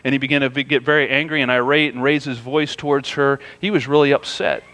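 A man's voice: medium pitch, fairly even intonation, quick pace, a bit bright, big-room sound. A man preaching a sermon in a conversational, storytelling way, often saying "you know" as he goes. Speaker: pastor.

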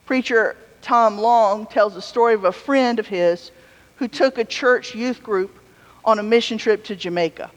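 A woman's voice: fairly high pitch, unhurried, dull audio. Woman preaching in an echoing hall. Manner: conversational storytelling with humorous asides. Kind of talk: sermon. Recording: long hall reverb.

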